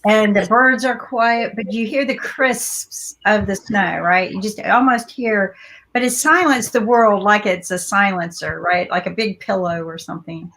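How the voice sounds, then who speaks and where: A woman's voice: medium pitch, measured pace, a bit bright, low-quality recording. Reflective female co-host. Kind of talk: casual live talk show chat.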